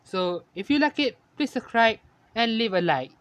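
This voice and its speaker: A man narrating a fan-made story in halting, ungrammatical English, often correcting himself. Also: sits high, expressive, fairly bright tone, clear, resonant tone, dry recording.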